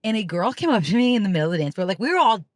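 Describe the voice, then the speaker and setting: A woman guest in a casual chat in a car, a chatty and lively storyteller who is quick to laugh. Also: medium pitch, dry recording, clean studio sound. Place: inside a car.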